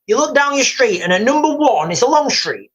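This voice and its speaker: A man's voice: very high-pitched, sing-song, a little fast, a bit bright, highs cut off. Rambling man on a livestream. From United Kingdom. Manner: rambling, hesitant, reads viewer comments aloud. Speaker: livestream host. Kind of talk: casual livestream chat.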